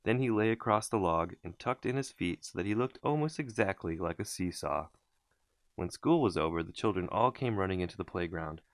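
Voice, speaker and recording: A man reading a children's story aloud in an expressive, unhurried way. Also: low voice, no echo, studio quality. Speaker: storybook reader.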